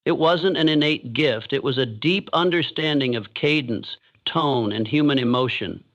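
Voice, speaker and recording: A man giving scripted motivational narration with a measured, deliberate delivery and emphatic pauses. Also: mid-range voice, a bit bright, highs cut off.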